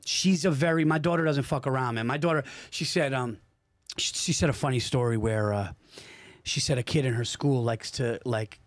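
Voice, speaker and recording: A man's voice: medium pitch, moderate pace, dry recording. Rambling male comedian, dry close sound. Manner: loose, rambling storyteller who swears. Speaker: guest comedian. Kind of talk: casual podcast chat.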